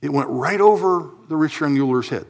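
A man preaching a sermon in a church, swinging between low, quiet asides and loud, emphatic high peaks. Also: a little fast. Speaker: pastor.

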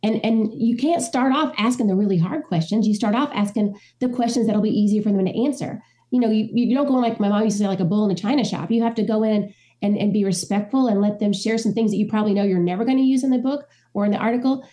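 A woman's voice: mid-range voice, fast talker, few pauses. A middle-aged woman from the Midwest, a ghostwriter telling stories in an interview and acting out the lines of the people in them. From American Midwest. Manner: animated storyteller, acts out quoted dialogue. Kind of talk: conversational interview.

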